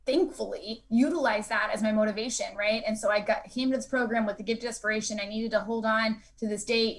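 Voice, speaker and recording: A woman telling her own story in a frank, conversational way, full of fillers and lively acted-out quotes. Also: mid-range voice. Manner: acts out quoted people with lively voices. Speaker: speaker sharing a recovery story. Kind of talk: candid personal storytelling.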